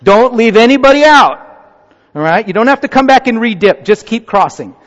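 Speaking in a very high, fairly bright voice with lively intonation and moderate pace, the pastor runs a children's sermon. He's drawing the congregation into a shared activity in the sanctuary, and the audio is muffled and echoey.

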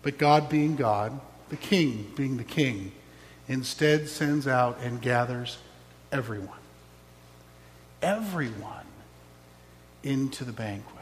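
Slow-preaching pastor in echoing church. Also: male voice, mid-range voice, a little hiss or hum. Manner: slow, reflective, wry asides. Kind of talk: sermon.

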